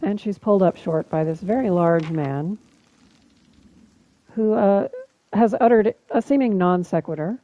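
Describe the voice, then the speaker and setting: A woman's voice: medium pitch, a little slow, long pauses, lo-fi sound. A woman streaming and narrating a video game story for friends in a casual, chatty way.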